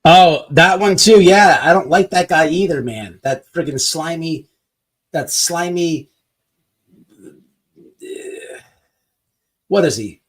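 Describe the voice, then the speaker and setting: A man hosting a casual livestream, rambling and swearing as he mocks people online, sometimes slipping into a mock sales pitch. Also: slow pace, pauses often, breathy edge. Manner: rambling, profane, mocking. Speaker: livestream host.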